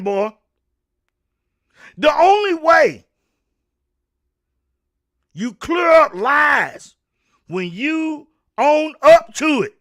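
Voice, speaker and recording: A fiery man delivers an opinion rant. His voice sits very high and sounds bright and sharp. He stammers, repeats himself and preaches at the listener. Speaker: host of a commentary show.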